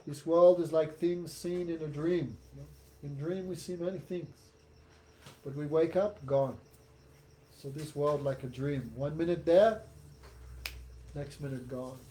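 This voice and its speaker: A man voicing a calm, wise servant who answers the king with steady, instructive reasoning. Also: fairly high pitch, a little slow, long pauses, slight background noise, natural voice.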